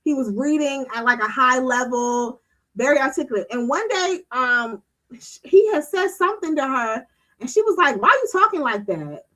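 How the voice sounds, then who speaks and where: A woman's voice: sits high, animated, moderate pace, fairly bright tone, poor audio. A woman hosting a streaming talk show, ranting bluntly with a lot of swearing and emphatic delivery. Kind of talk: casual livestream commentary.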